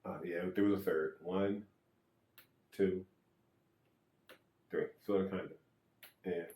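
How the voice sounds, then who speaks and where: A man with a fairly low voice talks through a hands-on skateboard check in a loose, joking way, counting under his breath and fixing his own slips. The room around him rings with echo. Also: steady tone, takes it slowly, warm tone. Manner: rambling, self-correcting, joking asides. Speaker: electric skateboard vlogger. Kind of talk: casual how-to demonstration.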